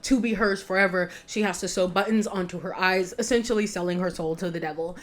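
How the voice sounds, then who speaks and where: A woman's voice: on the low side, fairly even intonation, quick pace. A young woman vlogger casually chatting about a film she just watched, rambling, filling her talk with "like" and breaking into giggles. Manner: rambling, giggly, heavy use of "like". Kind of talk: casual chat.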